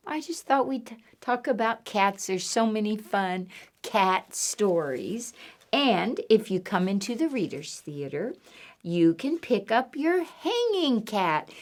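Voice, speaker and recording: A children's librarian leads storytime in a bouncy, sing-song voice, swooping widely up and down in pitch and unhurried in her delivery. Her tone has a gravelly edge, and she spells out simple words and imitates animal noises for little listeners. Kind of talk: storytime reading to young children.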